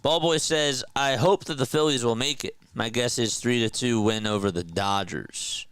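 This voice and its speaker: A man doing relaxed play-by-play commentary for a stream, chatting with his viewers between pitches. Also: moderate pace, clear, resonant tone, dry recording. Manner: casual, chatty, talks to viewers. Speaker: play-by-play host. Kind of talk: amateur play-by-play commentary with chat.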